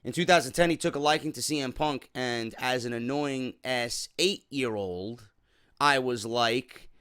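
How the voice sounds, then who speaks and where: A man's voice: mid-range voice, measured pace, fairly bright tone, clear, resonant tone, dry recording, clean studio sound. A man hosting a wrestling show, reading a viewer's letter aloud and replying in a casual, sympathetic way, with many fillers and "man" tacked onto his sentences. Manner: casual, filler-heavy, says "man" often.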